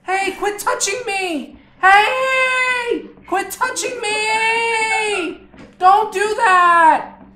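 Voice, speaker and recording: A man doing a shrill panicked kid. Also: very slow, roomy sound, very noisy, full character voice. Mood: protesting. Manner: shrill yelling protests. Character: panicked young boy thief.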